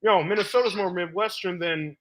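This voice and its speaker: A man's voice: sits high, a little fast, over a noisy crowd, poor audio. A man hosting a live stream debate, talking bluntly and assertively to callers, casually calling them baby.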